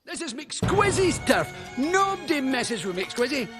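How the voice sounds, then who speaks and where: A bossy Glaswegian cartoon squirrel, squeaky high, swooping, slow threats, loud score behind. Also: male voice, sing-song, music in the background, exaggerated voice. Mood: menacing. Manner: threatening, bossy, shouted taunts. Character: bolshy male squirrel, small, territorial hard-nut.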